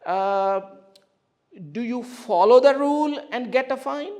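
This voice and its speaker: A man teaching English vocabulary to a classroom, asking clear questions and having the students repeat words. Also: very high-pitched. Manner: slow and clear, with lively questioning and drilling.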